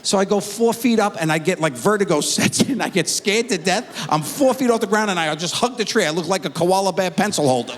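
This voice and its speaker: A middle-aged man telling a stand-up comedy story on stage, acting out his kids in high squeaky voices. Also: a little fast, few pauses, a little hiss or hum. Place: theater stage before a live audience. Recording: stage mic in a large reverberant hall.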